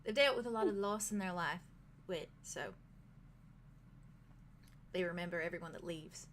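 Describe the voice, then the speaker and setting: A woman voicing a motherly innkeeper with a blended British and Southern accent, speaking softly. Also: fairly low pitch, normal speed, slight background noise, voice pushed down, close to an everyday voice. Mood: gentle. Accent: mixed British and Southern put-on.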